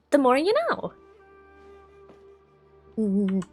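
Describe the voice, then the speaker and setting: An American woman chats on a live stream with a lively, bouncing pitch, rambling and correcting herself as she goes. Faint music plays quietly behind her. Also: moderate pace. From United States. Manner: chatty and rambling, thinks aloud, self-correcting. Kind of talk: casual chat with live stream chat.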